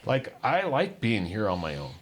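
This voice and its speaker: A man telling his own life story candidly, acting out what others said and dropping low and quiet on the painful parts. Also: huge pitch swings, normal speed, a little hiss or hum. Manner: candid, acts out quoted voices, drops low on painful parts. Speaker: guest. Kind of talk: personal storytelling.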